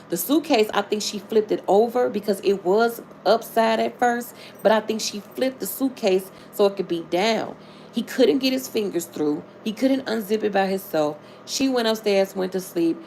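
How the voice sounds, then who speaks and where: Animated woman chatting on a live stream. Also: mid-range voice, slight background noise. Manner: animated, chatty, swears freely, greets viewers. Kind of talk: casual live-stream chat and true-crime storytelling.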